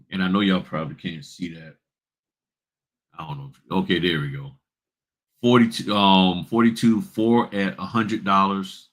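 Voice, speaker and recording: A man hosting a notary business vlog, giving blunt, straight-talking advice and repeating points for emphasis. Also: lowish voice.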